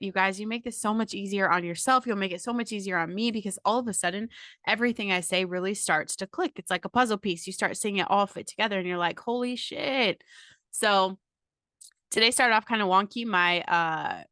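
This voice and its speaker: Bright, blunt-talking woman podcast host. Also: mid-range voice, a little fast, no room sound, clean studio sound. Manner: blunt and profane, chatty with many fillers. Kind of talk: casual motivational monologue.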